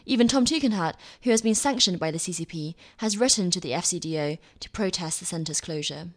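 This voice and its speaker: A woman reading her own opinion column aloud with a wry, lively delivery. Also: lowish voice, a little fast.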